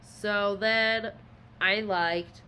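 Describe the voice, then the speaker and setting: A woman's voice: mid-range voice, steady tone, very slow, bright, forceful tone, slight background noise. A woman co-hosting a podcast, retelling a book's plot in casual chat with lots of filler words. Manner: rambling retelling with many fillers. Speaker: podcast co-host.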